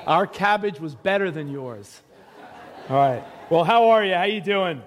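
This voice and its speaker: A man's voice: high voice, animated, measured pace, in a large hall, highs cut off. A male pastor preaching a sermon in a casual, joking way, teasing his congregation from the pulpit. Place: church sanctuary.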